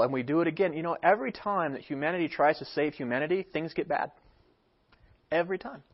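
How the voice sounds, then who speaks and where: A man preaching a sermon, emphatic, with rhetorical questions and acted-out quotes, heard on a dull lo-fi recording. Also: on the high side. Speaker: pastor. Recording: dull lo-fi sound.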